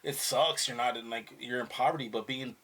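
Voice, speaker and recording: Animated middle-aged man, casual chat. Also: mid-range voice, fairly quick, slight background noise. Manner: animated, acts out quoted voices, many "like" and "you know what I mean". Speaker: podcast host talking with his son.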